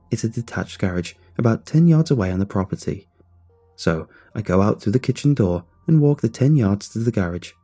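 Low, husky man telling a scary story. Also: dark tone. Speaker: narrator. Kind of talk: first-person scary story narration.

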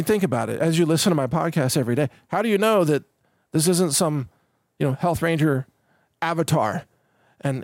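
A man's voice: fairly high pitch, dry recording, studio quality. A man hosting a solo podcast in a casual, rambling way, often repeating words, restarting sentences and chuckling between points. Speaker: podcast host.

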